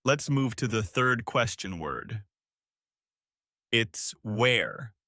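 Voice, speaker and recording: A male English teacher leads a scripted lesson, speaking slowly with a lively, rising and falling voice. His tone is bright and forceful, and he coaches the listener warmly to repeat each phrase. The recording is dry and close, with no room sound. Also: mid-range voice, no echo. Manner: slow, clear, encouraging repeat-after-me teaching. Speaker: English teacher and podcast host.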